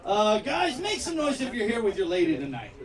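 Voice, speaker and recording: A man's voice: high voice, wildly swooping pitch, brisk. A man emceeing an outdoor backyard comedy show, doing loose crowd work full of fillers. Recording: echoey, distant, loud crowd. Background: loud crowd.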